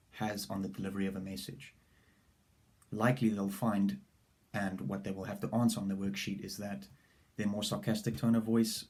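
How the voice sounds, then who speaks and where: A man lays out a classroom listening activity in a measured, explanatory way. His voice sits fairly low and stays even, with little rise and fall. He now and then restarts a phrase as he goes. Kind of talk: lesson plan presentation.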